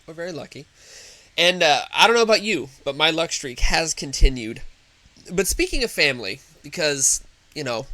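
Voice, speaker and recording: A young man co-hosts a casual gaming podcast with a bright, forward voice pitched a little high. He jokes and talks enthusiastically. The sound is close and dry. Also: no echo. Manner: enthusiastic, joking, animated. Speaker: podcast co-host.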